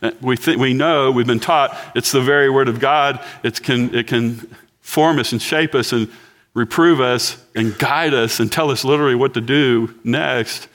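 A man's voice: mid-range voice, normal speed, a bit bright. A man in his sixties preaching a sermon in a church, chatting and joking with the congregation. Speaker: pastor.

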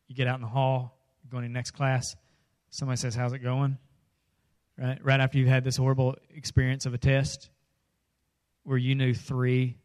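With a mid-range voice, a middle-aged preacher delivers a lighthearted, comic sermon. He plays out small scenes and voices, erupts into loud lines without warning, and then returns to straightforward storytelling.

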